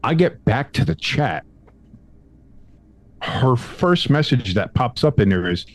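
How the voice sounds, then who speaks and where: An animated man co-hosting a sports podcast, telling a story in a casual, lively way. His pitch swings widely as he acts out what people said. He swears freely and restarts his sentences often. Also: slow, long pauses, no room sound. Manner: animated, acts out quotes with big pitch jumps; profane, frequent restarts. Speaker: podcast co-host.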